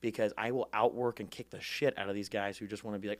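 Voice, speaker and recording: A man in his twenties, a podcast guest, telling his story in a fast, animated, profane way and acting out the people he quotes. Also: fairly low pitch, no echo. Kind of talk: casual storytelling interview.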